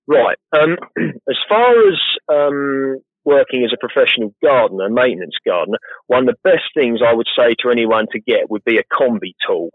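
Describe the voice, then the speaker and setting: A man's voice: mid-range voice, moderate pace, dry recording. A man, a professional gardener, chatting casually and rambling a little as an interview guest. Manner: chatty, rambling, self-deprecating. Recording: tinny phone-like line, dry.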